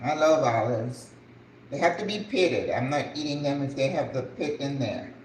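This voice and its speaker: An older woman hosting a cooking vlog, chatting casually and exclaiming excitedly over the food as she plates it. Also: very deep voice, normal speed, echoey room, slight background noise, poor audio.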